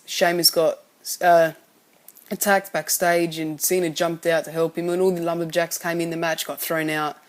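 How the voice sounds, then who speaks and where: A man giving a casual spoken recap of a wrestling show, rambling and often correcting himself as he goes. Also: a little high. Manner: rambling, frequently self-correcting.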